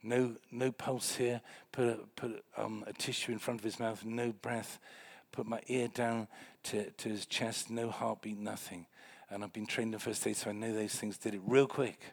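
Gravelly, animated male preacher. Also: lowish voice, normal speed, few pauses. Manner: animated, swings from quiet to loud. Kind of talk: sermon with storytelling.

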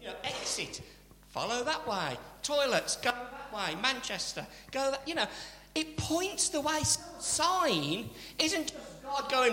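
A man preaching a sermon, chatty and animated, with asides to the congregation. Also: very high voice, slow. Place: church. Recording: church hall reverb, faint hum.

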